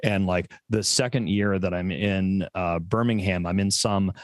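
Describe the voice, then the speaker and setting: Low, dry-voiced rambling man. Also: fairly even intonation, unhurried, no echo. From USA. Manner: profane, rambling, many stammered repeats. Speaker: podcast co-host. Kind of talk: casual chat.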